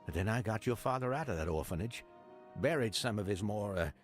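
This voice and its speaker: An actor playing an older man in a video game, gravely explaining a family's hidden past. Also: lowish voice, animated, a little fast, faint music behind, close to an everyday voice. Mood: solemn.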